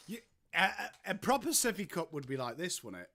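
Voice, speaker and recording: A man's voice: a little high, vocal fry, bright, forceful tone. A man with an English accent hosting a casual football watchalong livestream, chatting and swearing while answering viewers in chat. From England. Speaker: livestream host. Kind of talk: casual live-stream chat.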